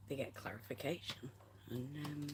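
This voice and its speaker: A livestream host chatting casually with viewers in a soft, half-whispered voice and laughing often. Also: mid-range voice, fairly even intonation, normal speed, noisy background. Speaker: livestream host reading chat.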